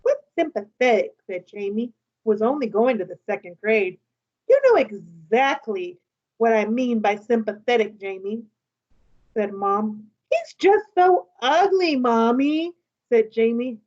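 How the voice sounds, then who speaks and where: A woman with a fairly high voice reads a children's novel aloud to her class. She reads with lively expression and gives each character's dialogue some life. The recording sounds a little muffled. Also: measured pace. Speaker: teacher reading aloud.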